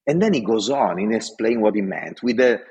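In a fairly low, husky, darkish voice, an Italian man with a strong Italian accent passionately narrates his career, voicing the dialogue himself. He's expressive and talks a little fast in this animated storytelling.

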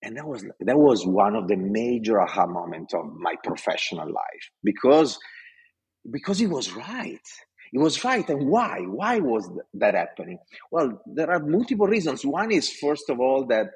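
A man's voice: medium pitch, moderate pace, slightly rough. A middle-aged man from Italy, a design executive telling a story with passion. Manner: passionate, animated. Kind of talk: storytelling talk.

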